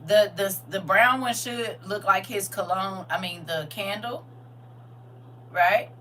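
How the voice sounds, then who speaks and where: A middle-aged woman chatting excitedly and casually to her viewers on a live stream. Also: medium pitch, slow pace, slight background noise, low-quality recording. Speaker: livestream host.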